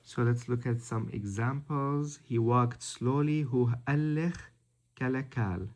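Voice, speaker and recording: Guy teaching a language lesson, super slow, takes his time on every word. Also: medium pitch, a little mellow. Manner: slow, deliberate, spells out word by word.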